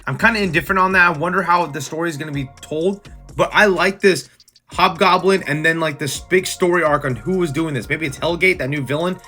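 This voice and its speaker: Young guy hyped recapping comics, high bright voice, bit of music behind. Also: brisk. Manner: excited, slangy, acts out scenes. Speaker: comic book reviewer.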